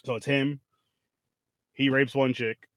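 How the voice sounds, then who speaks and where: A man's voice: mid-range voice, flat delivery, slow, fairly bright tone, no room sound. A man in casual, profane conversation about a film, rambling and restarting his sentences. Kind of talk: casual movie review chat.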